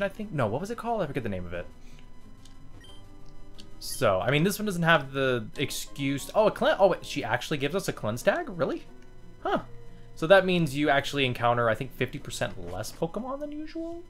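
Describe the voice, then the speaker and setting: A man's voice: medium pitch, fairly bright tone. Chatty, profane man playing a game. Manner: chatty, profane, easily amused. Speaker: let's play host. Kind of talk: casual gameplay commentary.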